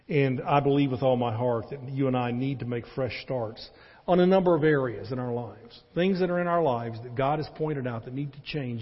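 Pastor preaching in a reverberant church. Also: male voice, breathy edge. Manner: swings from loud emphatic peaks to low quiet stretches. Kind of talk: sermon. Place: church sanctuary. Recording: dull lo-fi church audio with long reverb.

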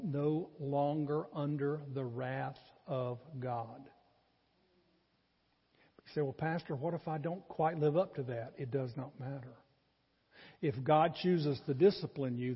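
A husky, fairly high-pitched man preaches as a pastor, earnest and emphatic, his delivery rising in bursts of intensity. He is in a church sanctuary, and the recording sounds muffled with a long reverb.

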